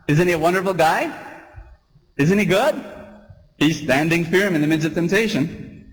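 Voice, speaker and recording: A male preacher reads scripture and comments on it in an animated, playful way. His voice is fairly high for a man, and it carries a long church reverb. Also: moderate pace, long pauses. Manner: animated, reads verses and adds playful asides. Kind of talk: sermon with Bible reading.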